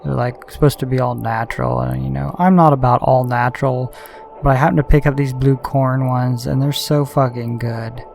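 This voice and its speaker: A man's voice: mid-range voice, steady tone, moderate pace, creaky, darkish tone, faint music behind. A man doing strategy game commentary, ranting heatedly and swearing a lot. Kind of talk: gaming commentary with a profane rant.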